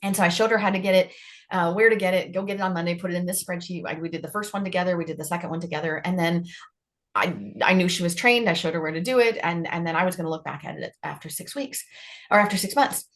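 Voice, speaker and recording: Animated woman telling a work story. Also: fairly low pitch, quick pace. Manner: animated storyteller, acts out quoted dialogue, repeats herself. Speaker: podcast co-host, leadership trainer. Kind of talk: casual conversation, storytelling.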